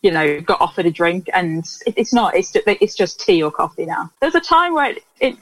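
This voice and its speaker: A woman's voice: lowish voice, lively intonation, brisk, poor audio. A woman co-hosting a podcast, chatting casually and hesitantly with lots of fillers and restarts. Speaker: podcast co-host. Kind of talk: casual chat about an old TV series.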